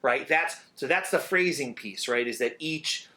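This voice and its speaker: A middle-aged man, a drummer, talking in a casual interview, animated and swearing freely as he sings out rhythms. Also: mid-range voice, unhurried.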